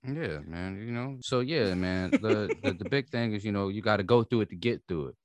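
A man's voice: fairly low pitch, normal speed, no room sound, studio quality. A man co-hosting a casual podcast, laid-back, giving advice and signing off the episode. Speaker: podcast co-host. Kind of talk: casual chat.

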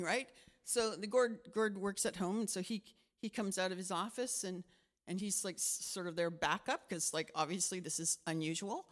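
A middle-aged woman pastor giving a conversational sermon, telling a personal story and acting out the voices in it. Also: medium pitch. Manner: animated storytelling with acted-out quotes.

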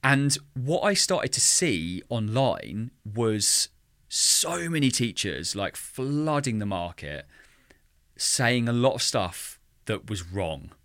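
A man speaks slowly in a mid-range voice while co-hosting a casual podcast about music teaching, which he discusses with passion. He animatedly scats drum rhythms. The clean studio recording has no echo.

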